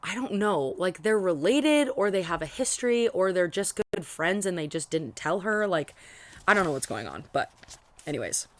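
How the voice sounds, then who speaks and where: Speaking at a moderate pace in an expressive voice on the low side, a young woman reacts casually to a book she's reading. As a book vlogger, she rambles, filling gaps and restarting often.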